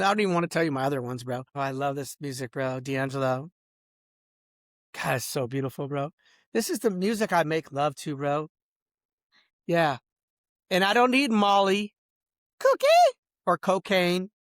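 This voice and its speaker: A man's voice: sits high, fairly bright tone, no echo, clean studio sound. A man delivering a heated, boastful and profane rant about his businesses, calling the listener bro and dog, and swinging between outbursts and mutters. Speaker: business owner ranting. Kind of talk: profane rambling rant to camera.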